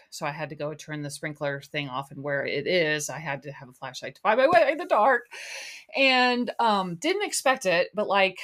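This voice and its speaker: A woman's voice: fairly low pitch, fairly bright tone. A woman hosting a podcast, a little out of breath, telling a rambling story with disgust. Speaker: podcast host.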